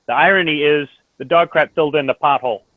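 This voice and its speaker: A man in casual chat who talks things through calmly and gives advice. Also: on the high side, quick pace. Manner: calm, reasoning, advice-giving tone. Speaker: stream host. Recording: tinny phone-like line, dry.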